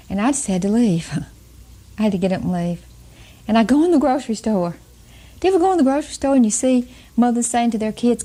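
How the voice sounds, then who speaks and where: A woman's voice: a little high, lively intonation, brisk, mellow. An older woman giving a chatty Bible teaching on parenting, often laughing and putting questions to her listeners. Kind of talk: folksy Bible teaching talk.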